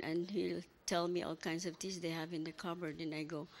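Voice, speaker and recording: An older woman giving a halting, emotional memorial speech as a grandmother, full of apologies and small stories. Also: lowish voice, level tone, fairly bright tone. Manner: halting, apologetic, tells little anecdotes.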